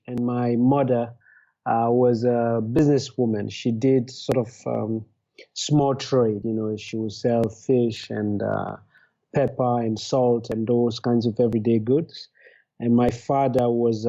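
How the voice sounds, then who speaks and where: A man's voice: medium pitch, warm tone, highs cut off. A man from Leone, a podcast guest telling his story thoughtfully and hesitantly, with many fillers, over a remote call. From Sierra Leone. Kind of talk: interview storytelling.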